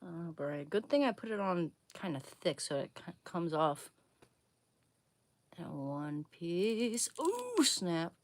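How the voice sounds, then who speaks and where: A young woman chatting casually on a livestream while doing a face mask, wry and low-key. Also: lively intonation, takes it slowly, darkish tone, no echo.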